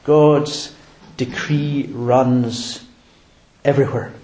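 A man preaches a sermon in a church, emphatic and deliberate. His delivery is very slow, and the voice sits in the middle range. The roomy echo of the church hangs around every word. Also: medium pitch, steady tone, warm tone. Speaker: pastor.

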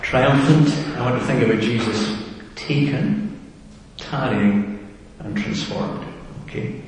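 A man's voice: mid-range voice, slow pace. A man preaching a sermon in a reflective way, often asking his listeners questions. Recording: echoey hall with long reverb, faint noise.

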